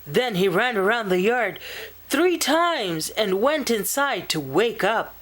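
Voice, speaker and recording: A woman with a mid-range voice reads a children's picture book aloud, telling the story slowly and expressively.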